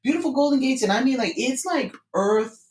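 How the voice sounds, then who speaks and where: A woman psychic and guest on a podcast, telling her experiences with lively acted-out reactions. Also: sits high, fairly quick, reverberant. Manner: expressive storyteller who acts out her own reactions. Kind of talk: casual interview storytelling.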